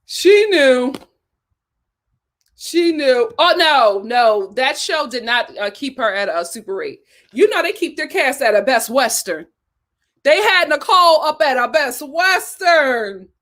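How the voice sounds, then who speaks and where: A woman's voice: sits high, lively intonation, measured pace, a bit bright. A young woman hosting a casual live stream, chatting animatedly, reading viewer comments aloud and laughing often. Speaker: live-stream host reviewing a reality show.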